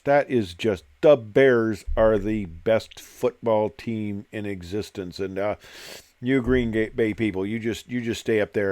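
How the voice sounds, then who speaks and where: A man's voice: on the low side, darkish tone, no room sound. An older man, a retired airline pilot, telling jokes and stories in a casual, digressive monologue with plenty of fillers. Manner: joking, digressive storyteller with many fillers.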